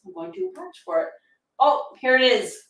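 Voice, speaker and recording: A playful woman co-hosts a livestream, reading viewer messages aloud in a teasing tone. Her pitch swings up and down a lot. She sits back from the mic in a roomy, echoey space. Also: very animated, moderate pace, gravelly, fairly bright tone, recorded from a distance. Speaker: co-host reading super chats. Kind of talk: casual livestream chat.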